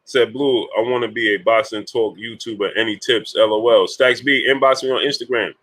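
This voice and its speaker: Bright-voiced man hosting a livestream. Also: mid-range voice, fairly even intonation, a little fast, low-quality recording. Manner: greets viewers by name between points, many fillers. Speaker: boxing talk livestream host. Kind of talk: casual livestream chat.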